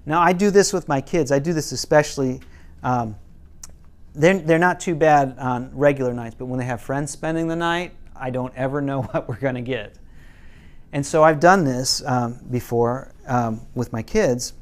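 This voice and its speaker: Man teaching a parenting class. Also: moderate pace. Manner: casual, quotes parents and kids in lowered voices, some restarts.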